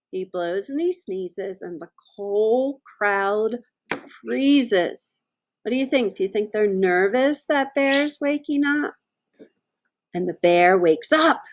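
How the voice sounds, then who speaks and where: A woman's voice: mid-range voice, expressive, a little mellow. A woman teacher reading a picture book aloud to young children, stopping to ask them questions. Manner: slow, sing-song, asks children questions.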